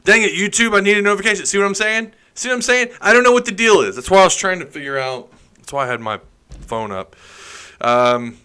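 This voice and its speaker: A man's voice: high-pitched, quick pace, bright, forceful tone, clean tone. A man hosting a live stream, chatting casually, reading comments and joking sarcastically.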